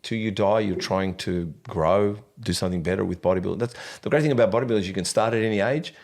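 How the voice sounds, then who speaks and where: A man hosting a podcast, telling stories in a lively casual way and swearing freely. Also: lowish voice, fast, gravelly. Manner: animated storyteller, swears casually, laughs often. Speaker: podcast host.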